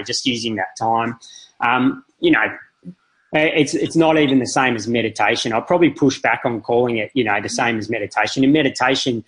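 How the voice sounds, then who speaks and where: Husky dad, rambling and self-deprecating. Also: male voice, medium pitch, a bit bright, poor audio. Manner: rambling, self-deprecating, frequent fillers and restarts. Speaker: podcast guest. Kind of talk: casual interview storytelling.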